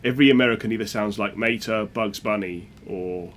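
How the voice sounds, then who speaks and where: Low-voiced joking man streaming. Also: brisk. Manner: joking, chatty, reads chat aloud. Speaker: speedrun streamer. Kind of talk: casual chat with viewers while playing.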